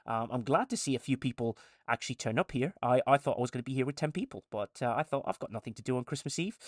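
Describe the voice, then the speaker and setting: A man's voice: medium pitch, lively intonation, fast, no echo, studio quality. A man hosting a casual live stream, reading viewer chat comments aloud and answering them with frequent restarts.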